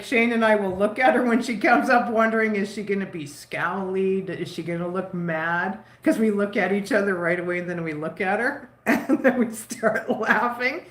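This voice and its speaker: Woman, 50s, livestream host: rambling, giggly kitchen chat, mid pitch, echoey room. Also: normal speed. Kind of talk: casual chat with live viewers. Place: home kitchen. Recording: roomy echo.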